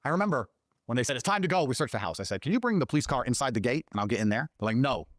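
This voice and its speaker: A middle-aged man rattles off a story at a quick clip, his pitch swinging up and down as he mimics the people he quotes. He swears freely as he talks. The sound is close and dry, with no room around it. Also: animated, no echo. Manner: profane, acts out quoted lines in mocking voices. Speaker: podcast guest. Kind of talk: animated storytelling in a podcast clip.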